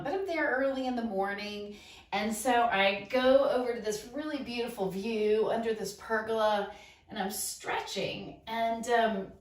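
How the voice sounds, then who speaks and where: A woman hosting a casual talk and telling her own funny stories, laughing often mid-sentence. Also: fairly high pitch. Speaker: laughter coach and host. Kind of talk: casual storytelling. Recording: echoey room, mic set at a distance.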